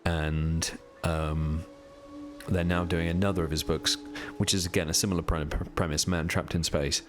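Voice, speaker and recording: A man's voice: deep voice, flat delivery, normal speed, over music. A man live streaming a video game, chatting casually and rambling as he answers viewers' questions while he plays. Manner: chatty, reads and answers chat while playing; rambling, many fillers.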